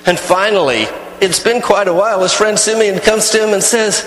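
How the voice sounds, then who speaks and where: A man spins a first-person tale in a folksy, rambling way, often restarting his phrases. His voice is bright and slightly high. The sound rings in a large, echoey hall over a faint hum. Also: moderate pace. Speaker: storyteller. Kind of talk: first-person character storytelling.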